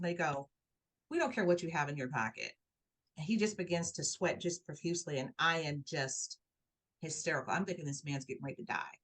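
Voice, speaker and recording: Animated woman telling a personal story. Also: fairly quick. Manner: animated, acts out quoted voices with rising pitch. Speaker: guest telling her life story. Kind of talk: conversational storytelling interview.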